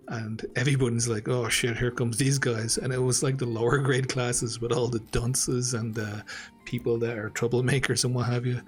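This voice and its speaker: An Irish man, host of a gaming channel, casually tells a rambling story over gameplay and laughs often. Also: medium pitch. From Ireland.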